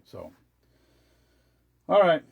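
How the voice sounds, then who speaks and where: A man's voice: extremely slow, phone-quality sound. A tired man chatting casually to his viewers, rambling with many restarts and asides and the odd swear word. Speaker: vlogger. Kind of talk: casual chat.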